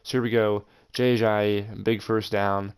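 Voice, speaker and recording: A young man hosting his gaming channel, commenting over football video game footage in an excitable way with frustrated outbursts. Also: fairly low pitch, a little slow, smooth. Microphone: voice-over over gameplay.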